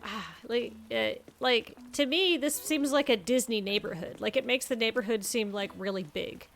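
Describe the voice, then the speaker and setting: A woman's voice: fairly high pitch, normal speed, soft background music. A woman hosting a stream, chatting casually and enthusiastically, often gasping in delight. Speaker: stream host. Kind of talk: casual chat.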